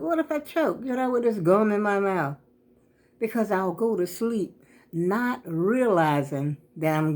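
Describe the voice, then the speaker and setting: A woman's voice: lowish voice, a little mellow. An older woman, chatting casually to her viewers in a rambling way, a bit out of breath. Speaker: vlogger. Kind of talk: casual vlog chat.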